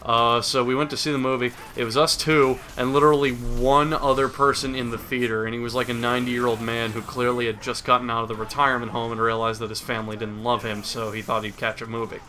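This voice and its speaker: A man's voice: mid-range voice, little pitch movement, fast, hardly any pauses, bright, forceful tone, a little hiss or hum. Crude sarcastic man ranting a movie recap. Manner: rambling, crude, sarcastic, mocks with silly voices. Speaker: video host. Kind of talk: profane comedic movie recap.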